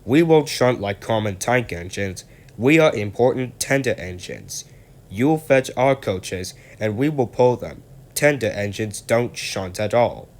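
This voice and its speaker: A man's voice: on the low side, lively intonation, unhurried, darkish tone. A man voicing a proud, rude male steam engine who talks in a haughty, dismissive way.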